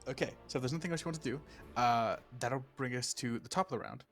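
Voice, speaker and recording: A man's voice: mid-range voice, fast, faint music behind. Chatty man running a tabletop game. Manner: chatty, laughing, lots of fillers. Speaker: game master. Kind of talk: narrating a tabletop game over voice chat.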